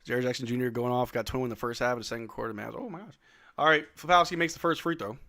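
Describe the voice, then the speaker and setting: A young man hosting a live stream watch-along, giving excited fan play-by-play commentary and trash-talking players. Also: medium pitch, very fast. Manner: excitable, shouts and laughs at big plays, trash-talks players.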